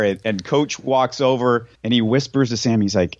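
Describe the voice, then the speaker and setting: A man of middle pitch speaking on a podcast from home, conversational and fond of side trivia. His voice comes through slightly muffled and lo-fi, with a dry, close sound. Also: moderate pace, no echo. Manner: conversational, adds trivia, chuckles. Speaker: podcast co-host. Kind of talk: casual chat recapping a sitcom episode. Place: home in Houston.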